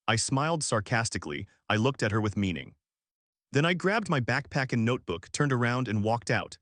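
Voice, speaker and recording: A man narrating a drama story in an expressive, storytelling manner. His pitch rises and falls freely over a mid register. The recording is dry and close, with no room sound. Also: a little fast, no room sound.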